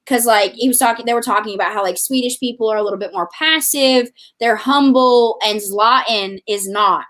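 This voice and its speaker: A woman with a Southern US drawl talks fast and animatedly as a podcast guest, laughing as she goes. Her voice sits fairly high. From American South. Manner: animated, chatty, laughs often. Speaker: podcast guest, romance author. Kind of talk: casual chat.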